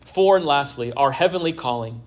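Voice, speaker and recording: A man from Southern California preaches to his congregation in a relaxed, conversational way, often tossing out quick questions to the room. His voice sits at an ordinary middle pitch. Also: slight background noise. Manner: conversational preaching with frequent "right?" asides. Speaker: pastor. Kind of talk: sermon. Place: church sanctuary.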